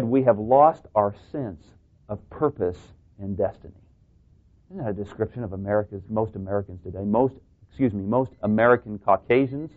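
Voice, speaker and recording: A man preaching a sermon to a congregation, talking through rhetorical questions and joking asides. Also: fairly low pitch. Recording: tinny phone-like sound.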